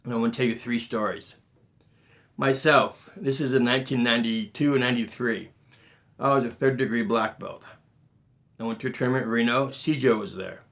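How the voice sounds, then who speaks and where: A man's voice: medium pitch, brisk, fairly bright tone. A middle-aged man, a martial arts grandmaster, talking emphatically in a monologue, repeating words and acting out quotes. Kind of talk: monologue telling stories.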